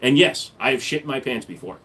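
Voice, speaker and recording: Hosting a casual livestream, a man reads the chat and fires back with profane, blunt, joking banter. His mid-range voice is expressive, brisk, a bit bright, and slightly rough.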